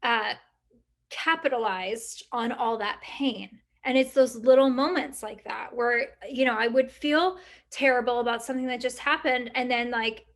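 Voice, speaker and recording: A middle-aged woman with a fairly high voice co-hosts a casual talk. She thinks out loud in long, winding sentences, full of "like" and "you know", and breaks into animated quoted remarks. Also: moderate pace. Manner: rambling and reflective, many fillers, lively quoted asides. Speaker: podcast co-host. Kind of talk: casual chat.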